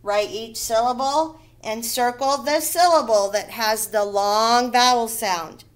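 A woman teaching a first grade reading lesson to young children, speaking patiently and clearly and sounding out words syllable by syllable. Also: on the high side, takes it slowly. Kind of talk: recorded remote reading lesson.

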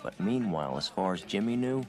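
A tired old-school mobster telling the story, flat and confiding, low voice, film score behind. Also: male voice, fairly quick. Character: world-weary male gangster recalling his past. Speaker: narrator. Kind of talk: film voice-over narration. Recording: voice-over over film music.

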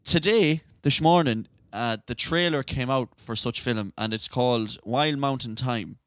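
A man's voice: medium pitch, measured pace, fairly bright tone, no echo, studio quality. An Irish man co-hosting a podcast, chatting casually with swearing and laughter. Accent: Irish, west of Ireland. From Ireland. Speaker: podcast co-host. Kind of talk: casual chat.

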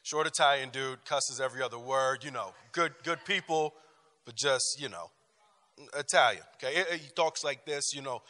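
Bright-voiced man teaching in echoing church. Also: medium pitch, normal speed. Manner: emphatic, repeats phrases and restarts often. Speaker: teacher of a church relationship class. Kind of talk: lively class talk with personal stories. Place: church meeting room.

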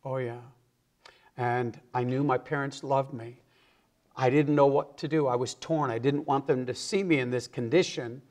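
A man's voice: medium pitch, steady tone, moderate pace, a little mellow. A man, an evangelist and guest on a TV interview, telling his personal testimony earnestly and acting out the people in his story. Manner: earnest storyteller who acts out the quoted voices.

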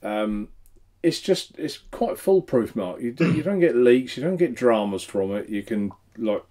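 A man's voice: mid-range voice, lively intonation, unhurried, dark tone. A man hosting a casual live stream, chatty and self-mocking, laughing often. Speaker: host.

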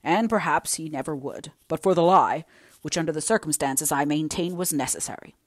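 In a dry, clean studio recording, a woman with a deep voice performs an audiobook character at a fairly quick pace. She plays a gentle old male family friend, sounding calm, sincere, and comforting.

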